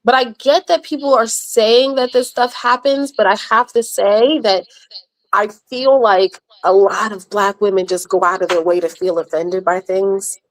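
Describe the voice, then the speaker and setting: A woman speaking bluntly and candidly as a guest in a casual online panel discussion, with quick asides and restarts. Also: medium pitch, steady tone.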